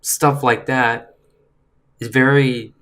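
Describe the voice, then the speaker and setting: A man's voice: medium pitch, flat delivery, a bit bright. Frustrated man vlogging political commentary. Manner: frustrated, halting, with restarts while reading. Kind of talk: casual vlog commentary reading a letter aloud.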